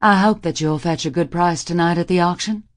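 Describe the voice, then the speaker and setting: A woman's voice: lowish voice, a little fast, dry recording, clean studio sound, natural voice. A woman voicing a cold, haughty society mother in her fifties in an audiobook, clipped and imperious.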